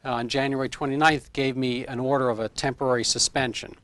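A man's voice: mid-range voice, level tone, quick pace, fairly bright tone, dry recording. A man in his fifties, a medical doctor being interviewed in casual chat, rambling through explanations with homespun comparisons. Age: 50s.

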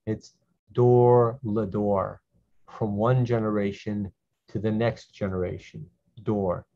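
A man teaching a slow Hebrew reading lesson, patiently repeating each syllable so learners can follow. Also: fairly low pitch, a little mellow. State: clearing his throat. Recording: dull lo-fi sound.

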